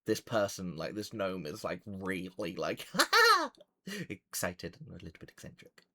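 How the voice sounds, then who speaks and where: A man's voice: deep voice, normal speed. A man narrating as game master for a tabletop game, rambling with many fillers.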